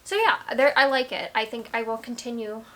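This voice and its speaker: A woman's voice: on the high side, fairly quick, pushed and bright, a little hiss or hum. A young woman talking casually to camera about her books, rambling with lots of "like" and trailing restarts. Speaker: book vlogger. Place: at home.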